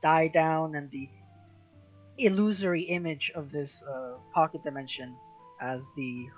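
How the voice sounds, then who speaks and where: A game master narrating a tabletop game in a casual, halting way, with many fillers. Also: medium pitch, soft background music, poor audio.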